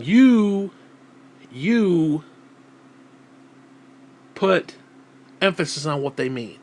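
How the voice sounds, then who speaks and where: A man ranting to camera in a vlog, blunt and heavy on swearing, sighing and clearing his throat between thoughts. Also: fairly high pitch, slight background noise. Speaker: vlogger. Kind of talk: profane personal rant to camera.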